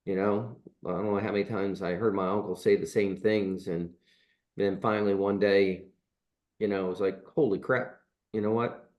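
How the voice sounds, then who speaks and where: A man's voice: sits low, flat delivery, moderate pace, a little mellow. Rambling chiropractor in his sixties. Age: 60s. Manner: rambling, many fillers and restarts, chuckling storyteller. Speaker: chiropractor and podcast co-host. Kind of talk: casual storytelling chat.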